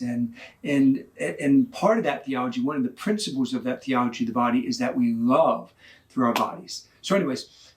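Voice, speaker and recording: A man giving an informal sermon, telling a story in an earnest, conversational way with some repeated starts. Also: a little high. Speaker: parish speaker.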